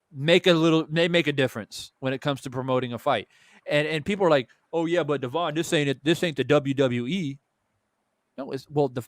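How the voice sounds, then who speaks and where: A man's voice: on the high side, no echo, studio quality. A young adult man hosting a boxing talk show, speaking in a casual, blunt way with swearing and many restarts while he tells a story. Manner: animated storytelling with many restarts and repeated words. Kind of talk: casual chat.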